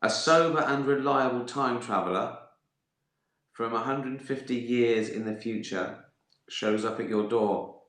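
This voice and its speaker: A man's voice: medium pitch, a little slow, a bit bright, echoey room. A middle-aged man, chatting casually on a livestream, rambling, swearing and laughing at his own stories. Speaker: livestream host answering viewer questions. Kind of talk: casual chat.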